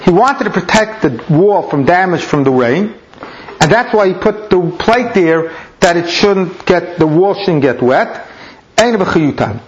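In a dull, lo-fi recording, a man teaches a Talmud lesson, walking through each step and weaving in Hebrew and Aramaic terms. His voice sits high and sounds animated, and he speaks unhurriedly.

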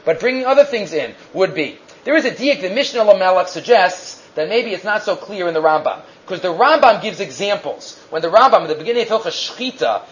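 A man with a high voice gives a Talmud lecture. He talks in an animated way, stops and restarts now and then, and puts on raised voices for the quotes. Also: slightly rough, highs cut off. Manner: halting with fillers and restarts. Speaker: Talmud teacher.

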